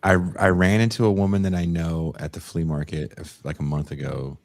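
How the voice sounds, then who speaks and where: His voice sits low, the intonation fairly even and the delivery a little fast. The young co-host of a podcast swears his way through casual storytelling, imitating the people he describes.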